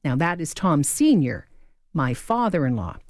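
A woman on afternoon radio speaks in a lowish voice that rises and falls a lot. She is close to tears and reads a listener's letter in a heartfelt way. The studio sound is dry. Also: very animated, a little slow, no echo. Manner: warm, heartfelt, reads an email aloud. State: tearing up. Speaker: radio host. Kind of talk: radio host talk between songs. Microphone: studio microphone.

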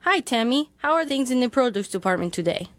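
Sketch women with put-on accent, high lively voices, one woman plays both. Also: fairly quick, no room sound, studio quality, lightly acted. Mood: chatty. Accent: put-on foreign accent. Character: two chatty grocery store women in a comedy bit. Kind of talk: comedy sketch acting. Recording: played from an old album.

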